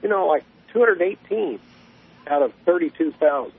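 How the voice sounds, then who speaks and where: A man calling in to a radio show, telling a story in a folksy, unhurried way. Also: on the high side, lively intonation, vocal fry, slightly rough. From Southern US. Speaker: caller. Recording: tinny phone line.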